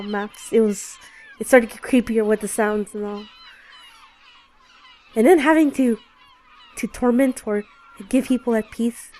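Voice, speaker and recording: A woman giving casual let's play commentary, reacting out loud with exclamations and laughs. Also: on the high side, slight background noise, poor audio. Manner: expressive, exclaims and laughs at the game.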